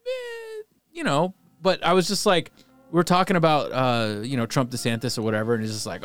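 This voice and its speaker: A man's voice: mid-range voice, sing-song, a little fast, fairly bright tone. A man on a podcast, ranting heatedly and swearing as he talks politics. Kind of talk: casual political podcast chat.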